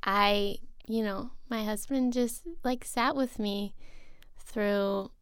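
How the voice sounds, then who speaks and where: A woman in conversation reflecting slowly and thoughtfully, soft-spoken. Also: medium pitch, fairly even intonation, clear, resonant tone, no echo, clean studio sound.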